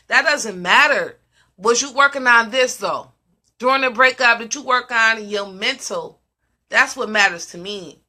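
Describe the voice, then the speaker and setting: Emphatic woman with a bright, ringing voice. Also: on the high side, a little slow. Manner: emphatic, repeats questions. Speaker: host of a live discussion. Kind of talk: casual live-stream talk.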